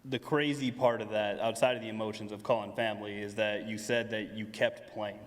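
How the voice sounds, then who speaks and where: A man co-hosting a live stage show, asking measured, probing interview questions. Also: lowish voice, little pitch movement. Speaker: producer and co-host. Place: large hall before a live audience. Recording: long hall reverb.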